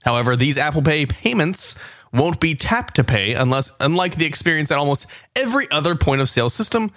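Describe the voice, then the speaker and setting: A man's voice: a little high, big pitch swings, a little fast, fairly bright tone, no room sound, clean studio sound. A male podcast host reading tech news headlines with wry asides. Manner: wry, newsy read with asides.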